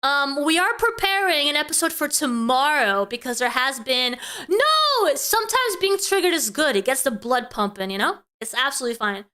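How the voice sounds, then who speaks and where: A woman's voice: high-pitched, very animated, moderate pace, hardly any pauses, sharp tone. A woman streamer chatting casually while reacting to video clips.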